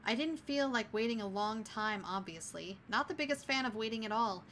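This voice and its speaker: A woman's voice: fairly high pitch, lively intonation, moderate pace, a bit bright, a little hiss or hum. A woman streamer reading a story game aloud, breaking off to apologize and joke.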